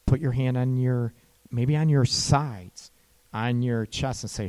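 A man hosting an advice show, talking casually about calming arguments between partners and tagging his sentences with "right?". He sometimes voices what a partner might say. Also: mid-range voice, takes it slowly. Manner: conversational, frequent "right?" tag questions; acts out partner's lines in quoted dialogue. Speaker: relationship advice host.

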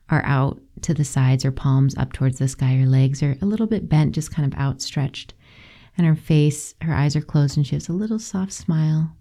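A woman hosting a podcast, talking gently and slowly and guiding listeners to relax. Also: extremely low pitch. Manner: soft, slow and soothing. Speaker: podcast host.

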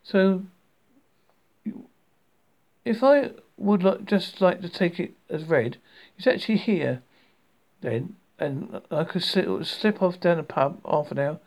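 A man voicing a calm, persuasive character who patiently talks an official into a deal. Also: slow pace, pauses often, full character voice. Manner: patient, smoothly reasonable, slightly raised pitch.

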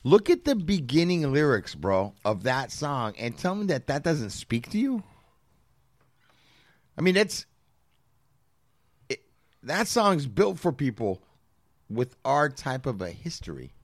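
A man's voice: mid-range voice, sing-song, takes it slowly, pauses often, no echo. A man co-hosting a podcast who talks candidly, swears freely and restarts his sentences. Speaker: podcast co-host. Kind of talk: candid conversational talk.

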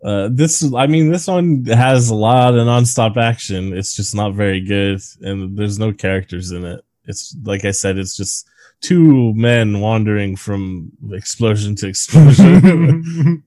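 A man's voice: lowish voice, fairly even intonation, a little slow, a little mellow, dry recording. A man co-hosting a casual movie-review podcast, sharing trivia with profanity and frequent laughter. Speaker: podcast co-host.

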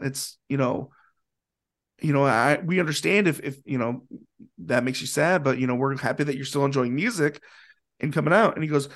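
A man telling a long story in a casual, animated way, with plenty of fillers and acted-out quotes. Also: fairly high pitch, fairly quick. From Indianapolis area, USA. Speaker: guest musician.

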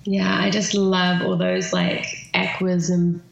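A woman with a New Zealand accent, a podcast guest chatting at length and filling her pauses with ums. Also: fairly low pitch, flat delivery, vocal fry, heavy reverb, muffled recording. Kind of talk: casual podcast interview.

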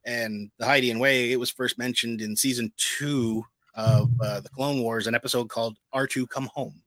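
A man co-hosting a podcast, reading a plot recap in a steady narrating tone with quick casual asides. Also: mid-range voice, no room sound, rough recording. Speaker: podcast co-host recapping an episode.

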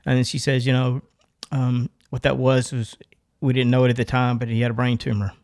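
A middle-aged man, a podcast co-host telling a long story in a casual, animated way, laughing often and acting out the voices of the people in it. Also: mid-range voice, fairly quick.

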